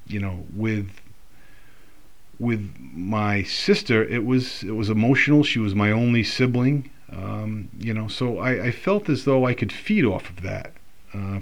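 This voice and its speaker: A man talking casually in a rambling, reflective monologue, full of fillers and restarts. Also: lowish voice.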